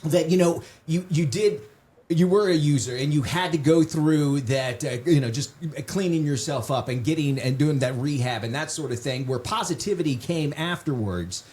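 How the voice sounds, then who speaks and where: A man hosts a relaxed interview, winding through long, meandering questions. His voice sits slightly high for a man. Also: normal speed. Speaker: host. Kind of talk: casual interview.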